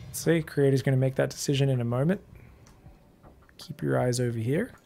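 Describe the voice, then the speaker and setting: A man casting a live strategy game match with excitable, casual play-by-play that swings between hype and relaxed chat with viewers. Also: medium pitch, a little fast, creaky, slight background noise. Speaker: esports caster.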